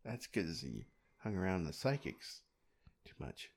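A man's voice: deep voice, very animated, unhurried, vocal fry, breathy edge. Laid-back man telling a story. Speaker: podcast co-host. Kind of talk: casual chat.

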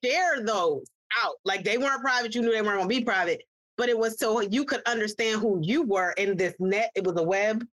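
A woman's voice: mid-range voice, fairly quick, a bit bright, dry recording. A woman co-hosting a casual podcast, telling frank stories from her working life. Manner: frank, storytelling. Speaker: podcast co-host. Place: studio couch.

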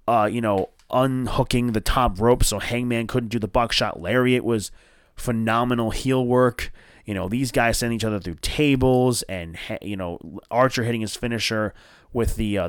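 Rambling, excitable wrestling podcast guy. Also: mid-range voice, smooth, no room sound, studio quality. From northern New Jersey. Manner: rambling, excitable, many fillers and swears. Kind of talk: casual solo review show.

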